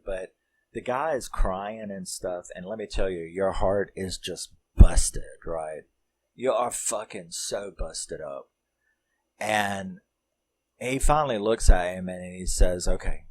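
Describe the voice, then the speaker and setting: A man with a low voice recaps a film off the cuff, rambling with fillers, restarts and the odd curse. His tone stays mellow and warm as he gets worked up over the story. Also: a little hiss or hum, rough recording. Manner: rambling, emotional, swears, many fillers. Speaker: film reviewer.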